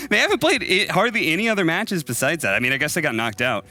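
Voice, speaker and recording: A man breaks down a match on a live esports desk in a very bright, sharp voice. His pitch jumps around as he talks in a chatty, animated way. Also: fast talker, faint music behind. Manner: chatty, animated, laughs easily. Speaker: esports analyst.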